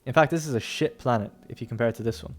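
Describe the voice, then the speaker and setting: A man's voice: medium pitch, racing. A young man chatting casually while streaming a strategy game, rambling and laughing often. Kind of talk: casual gameplay commentary. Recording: faint music behind.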